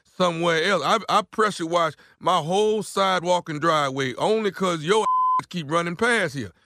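A man's voice: sits high, moderate pace, bright, forceful tone, no room sound. A man doing a prank call as a stubborn, nosy older neighbor, blunt and insistent, stammering and repeating himself. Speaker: prank caller, radio show regular. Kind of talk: prank phone call role-play.

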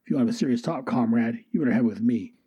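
A man's voice: mid-range voice, very fast, warm tone, slightly rough, lightly acted. A man voicing a tough, controlled female government boss in a blunt, businesslike way while reading a comic aloud. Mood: cool.

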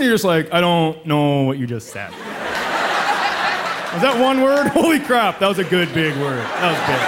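A middle-aged man performing a stand-up comedy set, animated and acting out the voices he quotes. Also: sits high, background noise. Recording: comedy club with loud laughing crowd. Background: crowd laughter and applause.

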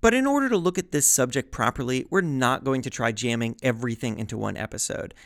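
A man hosting a scripted podcast, narrating with a lively, wry, chatty delivery. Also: mid-range voice, fast talker, creaky, no echo, studio quality. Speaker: podcast host.

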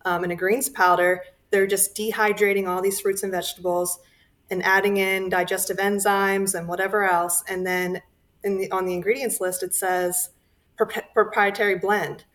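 A woman with a middle-pitched voice speaks as a guest dietitian. She explains things in a measured, plain way, with occasional fillers along the way. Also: little pitch movement, fairly bright tone. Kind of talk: explanatory interview clip.

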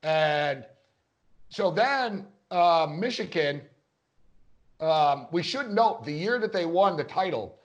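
Guy cohosting a sports podcast, kinda high voice, rambles a story, does all the quotes himself. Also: big pitch swings, slow pace, lo-fi sound. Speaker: podcast co-host. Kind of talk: casual sports chat.

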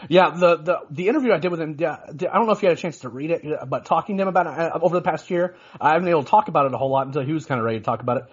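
A man's voice: fairly high pitch, racing, hardly any pauses, husky, lo-fi sound. A man co-hosting a casual sports podcast, rambling with lots of restarts and "you know"s. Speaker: podcast co-host.

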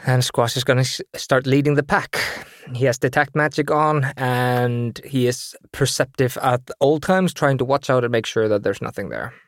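A man's voice: medium pitch, normal speed, hardly any pauses, no echo. A man with an ordinary mid-range voice plays a tabletop game, rambling and searching for words as he describes his character's moves. The sound is dry and close. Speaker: player.

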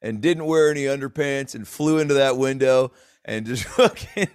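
A man's voice: medium pitch, moderate pace, darkish tone, clear, resonant tone, dry recording, studio quality. A man hosting a comedy podcast, teasing his guest and often laughing, with stumbling restarts. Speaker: podcast host.

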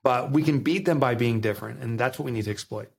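A man's voice: mid-range voice, fast, creaky, breathy edge. A man with a New Jersey accent, a guest author talking emphatically in a podcast interview. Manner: emphatic, animated, motivational.

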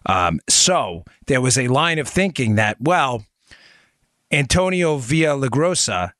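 A man's voice: mid-range voice, sing-song, unhurried, fairly bright tone, dry recording. A man hosting a political talk show, explaining points in an emphatic, digressive way and speaking straight to his listeners. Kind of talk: conversational political monologue.

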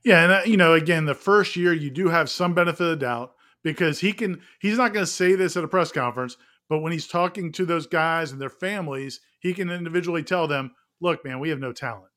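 A man co-hosting sports talk radio, explaining his points in a measured, conversational way. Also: a little high, bright, forceful tone. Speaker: sports radio co-host and writer.

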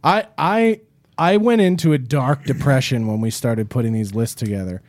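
A man co-hosting a casual podcast, telling animated stories and swearing freely. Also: medium pitch, normal speed, dry recording. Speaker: podcast co-host.

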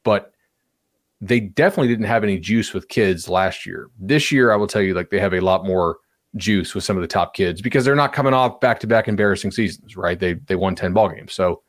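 A man's voice: on the low side, brisk, no echo, studio quality. A man co-hosting a sports podcast, talking in a loose, rambling way with restarts. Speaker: podcast co-host. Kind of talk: casual sports chat.

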